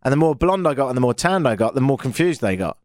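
A man's voice: medium pitch, very animated, fast talker, a little mellow, dry recording, clean studio sound. A young British man hosting a radio show, chatting casually and jokily straight to his listeners. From Britain. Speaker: radio host.

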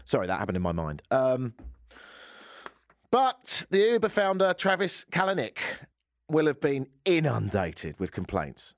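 Male podcast host, playful joker, dry close mic, mid pitch. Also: wildly swooping pitch, a little slow, no echo. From Britain. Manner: joking, slips into silly put-on voices. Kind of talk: casual chat.

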